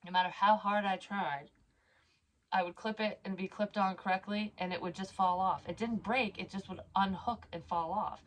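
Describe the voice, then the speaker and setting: A middle-aged woman vlogging casually as a psychic medium, rambling with many fillers and casual swearing, and reading cards aloud slowly. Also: mid-range voice, steady tone, slight background noise. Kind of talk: casual personal vlog.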